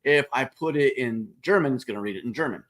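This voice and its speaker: A man presenting a live screen-share walkthrough of a software product, explaining each step casually and speaking directly to viewers. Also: mid-range voice, fast talker.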